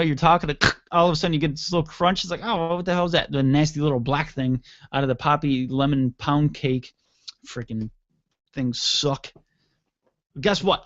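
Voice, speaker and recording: A man's voice: on the high side, no room sound, highs cut off. A man hosting an internet radio show, rambling and cursing sarcastically in a casual solo rant.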